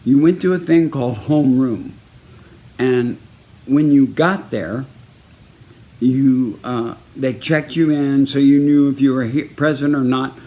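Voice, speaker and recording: A man from Texas telling a story in a casual personal video message, in a lively way, acting out each person he quotes. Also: medium pitch, a little slow, highs cut off. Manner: lively, acts out each person in the story with raised, punchy delivery.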